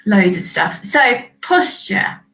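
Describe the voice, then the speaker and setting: Bright-voiced woman vet hosting. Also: mid-range voice, slow pace, poor audio. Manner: animated, acts out owners and herself in quoted asides. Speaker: vet and podcast host. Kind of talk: casual conversational discussion.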